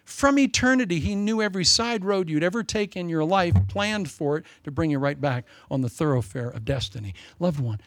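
An older man preaching a sermon in a folksy, humorous way, swinging between loud emphasis and soft asides. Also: a little high, lively intonation, a little fast, hardly any pauses, no room sound.

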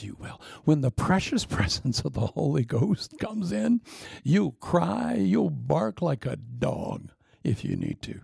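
A male preacher with a gravelly, husky voice pitched a little high, his delivery swinging all over the place. He tells stories with dramatic drops into hushed whispers and bursts up into shouts. The sound is close and dry. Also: no room sound. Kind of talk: sermon.

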